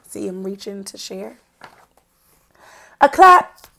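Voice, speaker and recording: A woman with a mid-range, gravelly, sharp-toned voice reads a picture book aloud to young children, slow and sing-song with frequent pauses. As a playful storyteller, she speaks to her small listeners directly and asks them questions along the way.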